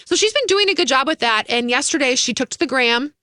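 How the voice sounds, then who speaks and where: Bright chatty woman co-host. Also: high voice, lively intonation, quick pace, dry recording, studio quality. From Minnesota. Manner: chatty, acts out quotes in voices. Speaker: radio show co-host. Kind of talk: casual entertainment gossip chat.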